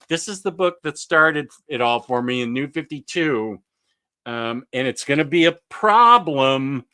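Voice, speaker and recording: A man's voice: mid-range voice, a bit bright, clean tone, dry recording. A man hosting a casual comics chat, enthusiastic and rambling, with lots of fillers and restarts. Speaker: comics podcast host.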